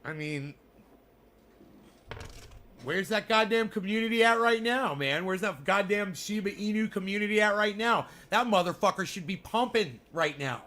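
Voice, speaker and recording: A man's voice: high-pitched, expressive, normal speed, bright, forceful tone. A man casually commenting live, rambling and swearing as he talks to his viewers. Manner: rambling, profane, talking to chat. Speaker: crypto livestreamer.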